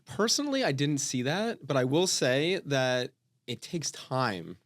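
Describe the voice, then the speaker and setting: Man, mid-pitched, steady talker who repeats his point. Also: measured pace. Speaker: guest real estate agent. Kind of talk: casual panel talk. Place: studio.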